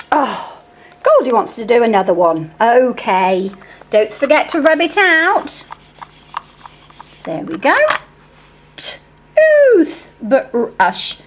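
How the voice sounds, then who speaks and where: A woman teaching phonics to young children, slowly and sing-song sounding out each speech sound and coaxing a puppet helper. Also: a little high, animated, slight background noise. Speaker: reading teacher.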